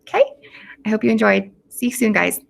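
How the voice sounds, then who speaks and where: A woman's voice: medium pitch, a little fast, gravelly. A woman teacher reading a novel chapter aloud for her reading club students, in a plain, friendly storytelling manner.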